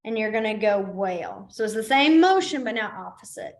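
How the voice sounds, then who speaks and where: A woman teaching a beginners' sign language class, chatty and self-deprecating, slowly repeating each word as she demonstrates. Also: mid-range voice, animated. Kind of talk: live class instruction. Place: library classroom.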